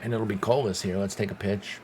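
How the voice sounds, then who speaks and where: A man giving casual play-by-play commentary while playing a baseball game, excitable and swearing when things go wrong. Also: fairly low pitch, a little fast, a little hiss or hum. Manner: excitable, swears when frustrated, talks to himself. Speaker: gaming channel host.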